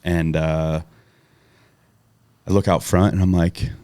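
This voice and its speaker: A man with a very low, deep voice spins a profanity-laced story in casual chat. He jumps into loud, animated quotes of people as he goes. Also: slow pace. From Southern California. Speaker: podcast guest.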